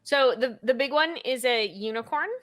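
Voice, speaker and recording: A young woman narrating as game master of a tabletop game, relaxed and hesitant, with many fillers. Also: on the high side, moderate pace, a crowd in the background.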